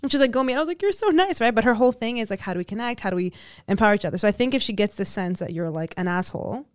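A young woman comedian from Montreal, a guest on a podcast, telling stories in an animated way and acting out the quoted dialogue. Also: mid-range voice, very fast, clear, resonant tone, no room sound, studio quality. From Montreal, Quebec. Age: young adult. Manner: animated storyteller who acts out quoted dialogue. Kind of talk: casual podcast chat.

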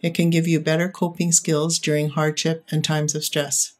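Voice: medium pitch, little pitch movement, moderate pace. An upbeat, encouraging podcast host giving parents tips in a monologue.

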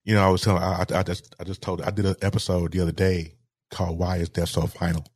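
A man with a low, husky voice talks slowly and haltingly, circling back over his words. The sound is close and dry. He speaks in a heartfelt interview. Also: flat delivery, no echo. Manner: halting, repeats words, grieving tone. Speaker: guest. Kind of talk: emotional interview storytelling.

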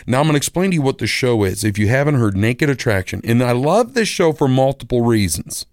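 Male, middle-aged, radio personality. Chatty storyteller, animated, mid-pitched, dry close mic. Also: a little fast, no room sound. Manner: rambling, animated, acts out quoted voices. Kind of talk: casual storytelling monologue.

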